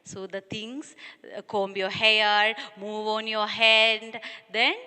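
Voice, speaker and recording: A woman's voice: medium pitch, level tone, takes it slowly, sharp tone, smooth, in a large hall. A woman school teacher with an Indian English accent, reading a poem aloud and explaining it patiently to young children. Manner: patient, speaks to children as "dears". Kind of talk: online class lesson, reading a poem aloud.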